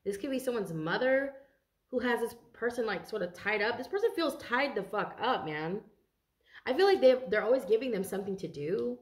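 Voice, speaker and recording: A woman's voice: on the high side, animated, a little fast, reverberant. A tired woman doing a casual tarot reading for viewers, chatty and rambling and swearing freely. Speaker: tarot card reader.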